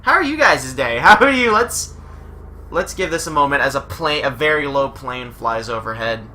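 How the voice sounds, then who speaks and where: A man's voice: mid-range voice, expressive, normal speed, bright, forceful tone, slight background noise. A young man live-streaming a wrestling video game, rambling and joking through mock play-by-play commentary from home. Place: home room while streaming.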